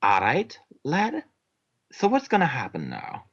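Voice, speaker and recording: A man voicing a gruff male mercenary interrogator with a put-on Scottish accent, threatening and calling people lad. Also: on the high side, huge pitch swings, measured pace, highs cut off, voice pushed up, full character voice.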